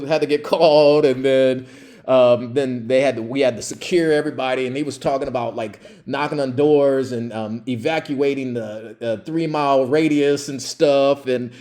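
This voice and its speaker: Animated male podcast host telling a story. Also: mid-range voice. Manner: animated, acts out quoted dialogue in a raised voice; halting, with many restarts and fillers. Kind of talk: casual storytelling monologue.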